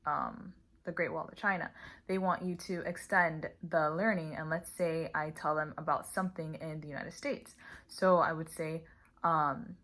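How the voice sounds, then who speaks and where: A young woman casually explaining online teaching tips, acting out slow, clear classroom phrases. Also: low-pitched, fairly bright tone. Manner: chatty, demonstrates teacher phrases slowly and clearly. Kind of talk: casual tutorial vlog.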